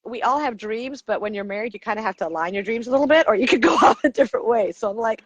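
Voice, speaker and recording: A woman's voice: on the high side, fast, dry recording. A middle-aged woman from the United States, a coach, telling stories in a casual interview and acting out the people she quotes. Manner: animated storyteller, acts out quotes. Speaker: podcast guest, coach.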